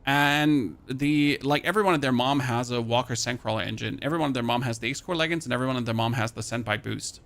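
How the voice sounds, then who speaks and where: A man's voice: mid-range voice, fast, vocal fry, few pauses, fairly bright tone. A chatty man from Germany with a light German accent, streaming a game and rambling as he plays. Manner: chatty, rambling, thinks aloud while playing. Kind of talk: casual live-stream chat.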